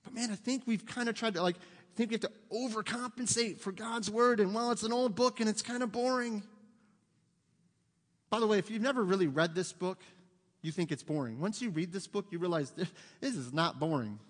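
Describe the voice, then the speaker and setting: A middle-aged pastor with a drawl delivers a sermon that feels like a conversation, full of humor and asides. His voice sits high for a man. It rings out with a long reverb through the church sanctuary. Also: lively intonation, a little fast.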